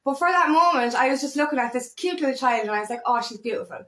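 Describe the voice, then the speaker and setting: A woman in her thirties talks in a loose, rambling monologue, animated and sprinkled with swearing. Her voice sits high, and it carries a noticeable echo from the room she's in. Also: quick pace. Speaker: feminine empowerment coach. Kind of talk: casual monologue. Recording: echoey room.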